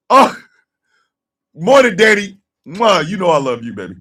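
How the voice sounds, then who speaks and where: A man chatting loosely with his livestream chat, telling a story loudly and profanely and often breaking into laughter. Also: high-pitched, sing-song, normal speed, long pauses, distant mic.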